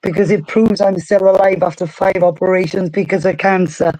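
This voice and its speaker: A woman with a deep, husky voice speaking firmly and forthrightly as a guest in a casual stream chat. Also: fairly even intonation, brisk, warm tone, no echo, poor audio. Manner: firm, forthright.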